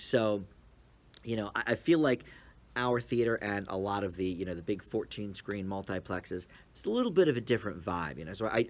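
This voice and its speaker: A man giving a casual, rambling movie review with many fillers and restarts, speaking from inside a small movie theater. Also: fairly low pitch.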